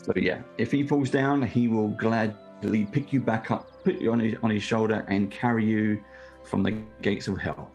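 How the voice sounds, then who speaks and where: A man's voice: on the low side, fairly even intonation, normal speed, a little mellow. A man playing a tabletop game, describing his character with earnest enthusiasm. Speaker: player. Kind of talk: casual tabletop chat. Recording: faint background music.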